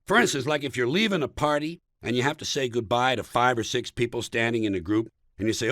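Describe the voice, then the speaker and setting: A man's voice: mid-range voice, very animated, brisk, few pauses, fairly bright tone, dry recording, studio quality. A man from the United States reading his own comic book aloud in a sardonic, mocking, punchy way.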